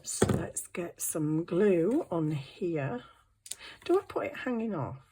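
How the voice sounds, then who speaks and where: A woman's voice: fairly low pitch, sing-song, takes it slowly, dark tone, breathy edge. A middle-aged woman, chatting to herself while crafting in a casual vlog, flustered and apologetic. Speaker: craft channel host.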